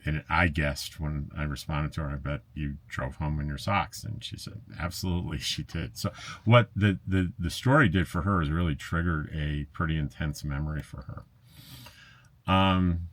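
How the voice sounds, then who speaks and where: Reading viewer comments aloud at normal speed, a man who vlogs his RV travels answers them casually and chattily in an extremely low voice with fairly even intonation. He laughs lightly, uses lots of fillers, and sounds wry and slightly sarcastic. No room sound is audible.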